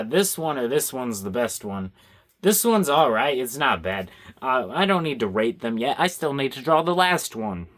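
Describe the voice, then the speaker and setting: Rambling goofy young man, mid-pitch. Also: fairly bright tone. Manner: rambling, goofy, talks to himself. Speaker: artist vlogger. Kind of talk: casual talk while drawing.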